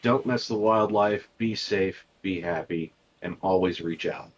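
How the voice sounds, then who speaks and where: Deep husky Southern man. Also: unhurried, lo-fi sound. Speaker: podcast co-host. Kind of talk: casual podcast chat.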